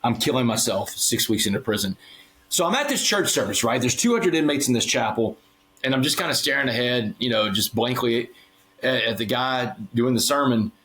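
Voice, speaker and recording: A man's voice: medium pitch, a little fast, a little hiss or hum, low-quality recording. Man telling a personal story earnestly. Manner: earnest, animated storytelling with quoted dialogue. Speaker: guest speaker. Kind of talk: storytelling interview.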